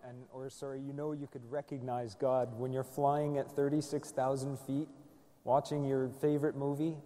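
A man on a panel talking in a relaxed, joking way. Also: medium pitch. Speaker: panel guest. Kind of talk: casual talk. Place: conference hall. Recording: long reverb of a conference hall.

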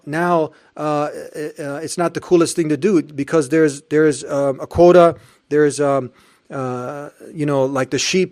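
A man hosting a casual interview, halting and searching for words as he asks his questions. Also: fairly high pitch, a little mellow. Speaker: host.

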